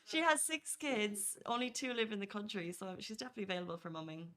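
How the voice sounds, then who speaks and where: A woman's voice: mid-range voice, fast, a bit bright. A woman co-hosting a morning show, chatty and teasing as she tells stories. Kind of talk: casual chat.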